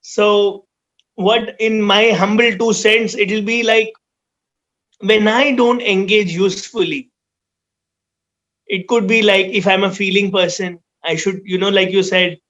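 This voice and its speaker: A man with an Indian accent giving an animated motivational talk as a guest speaker, slipping into rapid asides. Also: high voice, highs cut off. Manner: animated, switches into quick Hindi asides.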